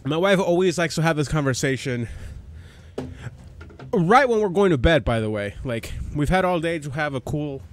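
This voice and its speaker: A man's voice: fairly high pitch, lively intonation, moderate pace, a little hiss or hum. A man hosting a reaction video, chatting casually while walking on a treadmill.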